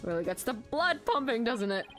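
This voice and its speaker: A woman's voice: a little high, big pitch swings, moderate pace, fairly bright tone, soft background music. A woman playing a boisterous older male treasure hunter in a game, with a hearty, teasing manner.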